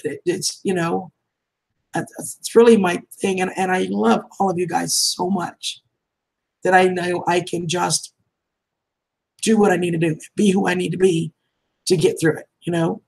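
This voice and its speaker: A woman's voice: on the low side, steady tone, normal speed, vocal fry, slightly rough, poor audio. A woman, chatting casually on a livestream, reading out viewer comments and laughing often. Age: 50s. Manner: warm and affectionate with viewers, laughs often, calls them honey and sweetheart. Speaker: livestream vlogger.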